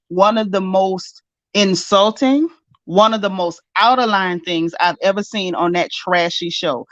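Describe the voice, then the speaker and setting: A woman's voice: mid-range voice, no room sound. A woman hosting a casual reality-show recap chat, talking in an indignant, emphatic way and repeating phrases for emphasis. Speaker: host. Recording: muffled lo-fi dry sound.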